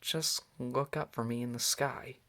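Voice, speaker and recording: Un hombre leyendo como un osito alegre y entusiasta. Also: male voice, mid-range voice, steady tone, unhurried, bright, forceful tone. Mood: eager. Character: cheerful little boy bear cub. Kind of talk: reading a children's book aloud.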